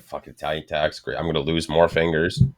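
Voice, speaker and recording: A man's voice: rumbling low, fast. A man hosting a casual chat, swearing constantly and telling stories with animation. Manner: profane, animated storytelling.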